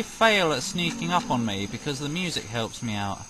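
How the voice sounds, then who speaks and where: A man's voice: medium pitch, lively intonation, moderate pace, heavy background noise. A British man giving casual let's-play commentary, joking, rambling and letting out sudden startled yelps. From Britain. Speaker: game commentator. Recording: loud game audio over the voice.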